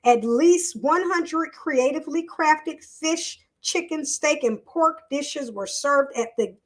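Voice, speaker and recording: A woman's voice: high-pitched, takes it slowly. A woman hosting a live online show, chatting casually with viewers and reading a news article aloud in a loose, off-the-cuff way.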